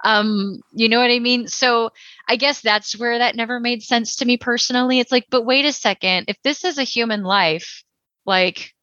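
Chatty woman with a bright, dry voice. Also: fairly high pitch, moderate pace, no echo, dull audio. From Texas. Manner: chatty, many "like"s and "you know"s, jokey asides. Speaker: podcast co-host. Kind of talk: casual podcast discussion.

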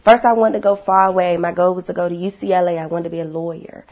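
A woman sharing her life story with viewers in a casual, animated testimony, blunt and swearing freely. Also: lowish voice, fast talker.

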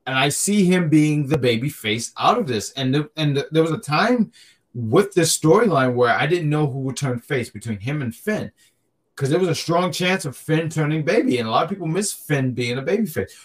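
A man's voice: a little high, expressive, normal speed. A man co-hosting a podcast, chatting casually and animatedly, joking and often repeating himself. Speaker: podcast co-host. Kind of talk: casual wrestling chat.

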